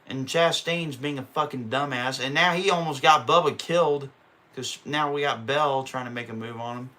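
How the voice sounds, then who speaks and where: Man, streamer, race play-by-play, profane frustrated rants, bright forceful tone. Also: medium pitch, normal speed. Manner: profane, openly frustrated ranting. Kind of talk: casual live-stream play-by-play.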